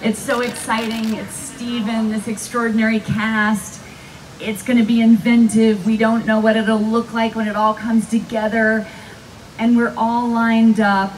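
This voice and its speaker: Animated woman telling stories on a panel. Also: fairly high pitch, unhurried. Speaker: actress, panel guest. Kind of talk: live panel storytelling. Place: live fan event panel. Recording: distant mic with faint background noise.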